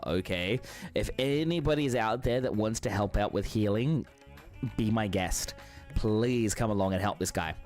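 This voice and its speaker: Chatty, encouraging male game streamer. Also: fairly low pitch. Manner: friendly, encouraging, rambling with many fillers. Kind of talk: casual live-stream chat while playing.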